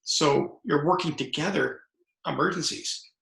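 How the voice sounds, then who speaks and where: Talking over a video call from home, this retired correctional officer turned author, a middle-aged man, spins chatty stories in his interview answers, voicing the dialogue himself and frequently starting over. His voice is raspy, bright, and on the high side, a little slow, and the call sounds echoey.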